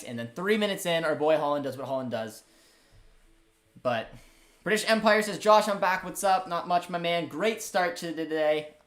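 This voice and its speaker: Excitable young man hosting a match stream. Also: on the high side. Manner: excitable, chatty, frequent fillers. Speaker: host of a football watchalong stream. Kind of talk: live stream commentary and chat reading.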